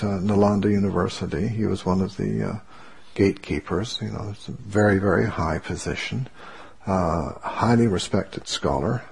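A man's voice: on the low side, vocal fry, darkish tone, slightly rough. A man giving a spiritual teaching talk as a meditation teacher, reflective and searching for his words as he goes.

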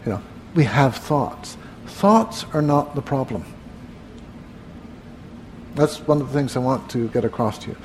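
A man teaching meditation to a live group in a room, relaxed and conversational, often asking the room questions. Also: medium pitch, a little slow, long pauses, a little hiss or hum. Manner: relaxed, asks the audience questions, frequent "uh". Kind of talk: evening talk to a live group.

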